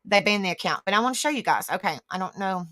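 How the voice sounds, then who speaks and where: A woman's voice: medium pitch, lively intonation, fast talker, bright, forceful tone, no echo, studio quality. A woman hosting a live stream, ranting indignantly and swearing as she talks straight to her viewers. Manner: indignant, rambling, swears freely; talks back to online comments. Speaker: livestream host.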